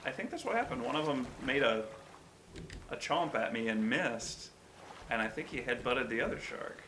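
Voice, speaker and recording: A man's voice: medium pitch, expressive, moderate pace, pushed and bright, a little hiss or hum. A man giving gameplay commentary as a let's-play host, musing wryly and yelping when startled. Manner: wry, self-deprecating musing with sudden startled yelps.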